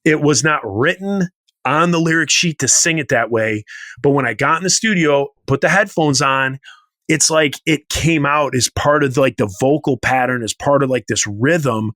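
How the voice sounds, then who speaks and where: A man's voice: fairly high pitch, moderate pace, sharp tone, no echo. A man in his forties telling a rambling story in casual chat as podcast co-host, now and then humming bits of a tune. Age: 40s. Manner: rambling storyteller, hums snippets of tunes.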